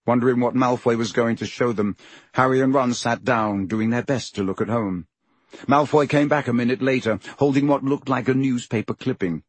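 A man narrating a storybook in a steady, measured reading. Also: mid-range voice, breathy edge, dry recording. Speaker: audiobook narrator.

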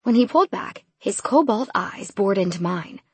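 A woman reading a novel aloud in first person, in a brisk, casual way. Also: medium pitch, lively intonation, husky, dry recording. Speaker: audiobook narrator.

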